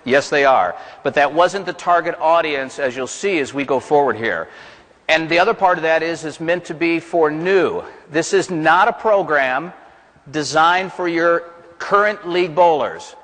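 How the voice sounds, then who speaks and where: A man's voice: fairly high pitch, moderate pace, fairly bright tone. A man from the American South gives a plain-spoken, folksy seminar presentation to a conference audience, asking the room questions as he goes. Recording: reverberant conference hall.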